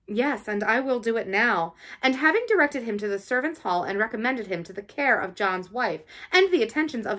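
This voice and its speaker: A woman reading a classic novel aloud as an audiobook, narrating in the first person in an expressive, measured way. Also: fairly high pitch. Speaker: audiobook reader.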